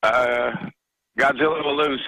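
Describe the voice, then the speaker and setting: A man's voice: medium pitch, steady tone, gravelly, pushed and bright, dry recording, poor audio. A man calling in to a talk radio show, a truck driver speaking earnestly and with passion, stumbling over his words. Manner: earnest, impassioned, halting.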